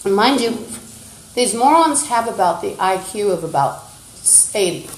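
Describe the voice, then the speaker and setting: A woman's voice: mid-range voice, lively intonation, measured pace, roomy sound, poor audio. A woman livestreaming, ranting in an agitated, insulting, accusatory way into a phone. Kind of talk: rambling livestream rant.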